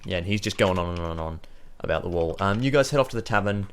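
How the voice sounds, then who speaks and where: A man narrating a tabletop game as game master, halting with many fillers. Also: deep voice, animated, a little hiss or hum.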